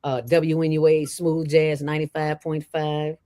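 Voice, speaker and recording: A middle-aged woman, a former radio host and founder, talking as an interview guest in an animated, emphatic and playful way. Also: deep voice. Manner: fast talker from years on radio. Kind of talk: casual interview chat.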